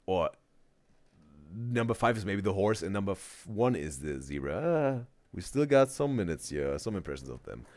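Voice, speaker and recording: A man's voice: sits low, sing-song, normal speed, a little mellow. Chatty man hosting a live reaction stream. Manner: rambling, chatty, addresses chat viewers directly. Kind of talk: casual live-stream commentary.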